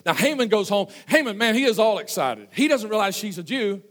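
A man preaching a sermon, retelling a Bible story and dropping low and soft for quoted lines. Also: big pitch swings, fairly quick, long reverb tail. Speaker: pastor.

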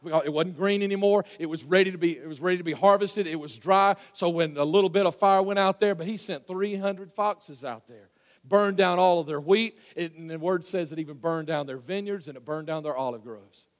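A man preaching a sermon, telling the story in a folksy way and swinging from loud to hushed. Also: high voice, brisk. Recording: long hall reverb.

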